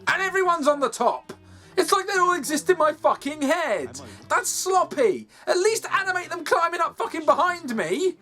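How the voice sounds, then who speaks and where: A man reviewing a game from his home games room, swearing freely and sounding exasperated. His pitch swings widely as he rants, and his delivery is animated and full of mock outrage. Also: moderate pace, soft background music. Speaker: gaming video host. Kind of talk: ranting game review over gameplay.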